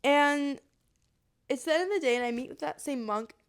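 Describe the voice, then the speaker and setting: Young female host, high-pitched, candid storytelling monologue, animated self-talk. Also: moderate pace. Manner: animated, acts out her own inner voice. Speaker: podcast host.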